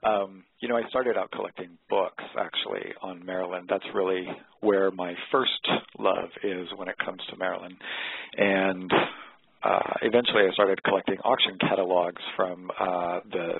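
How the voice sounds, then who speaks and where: A man calling in to a radio interview as a guest collector, answering in a measured, modest way. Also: low-pitched, fairly even intonation, vocal fry, slightly rough, dry recording. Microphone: telephone. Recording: tinny phone line on radio.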